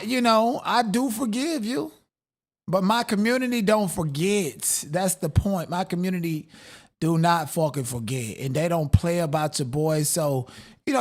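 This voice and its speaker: A man hosting a casual commentary show, mocking and profane as he talks straight to his audience. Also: sits high. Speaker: commentary channel host.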